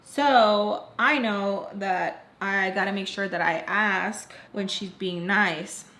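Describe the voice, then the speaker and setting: A young woman retelling a personal story in a casual, animated storytime vlog, acting out the quoted lines. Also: medium pitch, takes it slowly. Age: young adult. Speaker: storytime vlogger. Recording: roomy echo.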